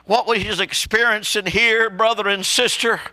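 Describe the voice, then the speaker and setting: A man preaching an impassioned sermon, addressing listeners as brother and sister and my friend, swinging from low, slow passages to high shouted cries. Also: fairly even intonation.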